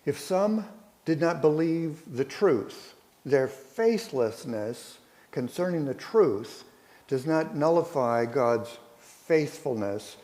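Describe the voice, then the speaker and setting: A man teaching a verse-by-verse Bible study in a church, talking slowly and conversationally with rhetorical questions. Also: on the high side, lively intonation, a little mellow.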